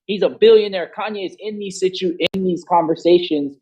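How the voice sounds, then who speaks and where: A man's voice: high voice, steady tone, a little fast, darkish tone, poor audio. A young man hosting a casual podcast chat, talking in long rambling runs full of slang and swearing. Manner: rambling, emphatic, heavy slang and profanity. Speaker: podcast host.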